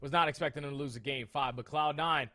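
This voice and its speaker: A man's voice: a little high, fast, bright, forceful tone. A man casting an esports match with hyped enthusiasm and casual slang. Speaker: esports caster. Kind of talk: esports desk commentary.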